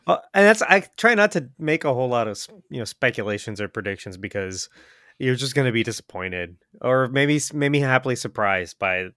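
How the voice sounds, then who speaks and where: Animated, hesitant male podcast guest. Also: medium pitch, brisk, dry recording, studio quality. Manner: hesitant, restarts, laughs often. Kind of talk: casual podcast chat.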